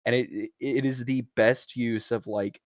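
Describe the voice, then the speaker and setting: A man's voice: medium pitch, measured pace, no room sound. A man co-hosting a podcast, casually recapping a movie and acting out the characters' lines. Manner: animated storytelling, acts out characters' lines. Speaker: podcast co-host. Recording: dull lo-fi, dry.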